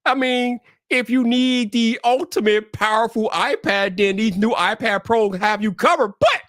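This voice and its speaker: A man with a notably high-pitched voice hosts a relaxed tech livestream, talking in a loose, slangy, hype-man way. His voice comes across dry and close, with no room sound around it. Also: unhurried, no echo. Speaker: livestream host. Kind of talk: casual tech livestream chat. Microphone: streaming setup mic.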